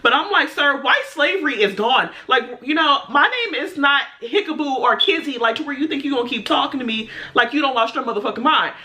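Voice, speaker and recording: A young adult woman telling a storytime rant as a vlogger, animated and laughing as she acts out what people said. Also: sits high, fast talker, hardly any pauses.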